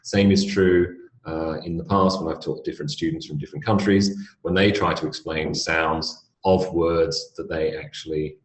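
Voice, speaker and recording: A man with a British accent gives a recorded English pronunciation lecture, spelling words out letter by letter in a clear, deliberate way. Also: a bass voice, steady tone. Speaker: English teacher. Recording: roomy echo.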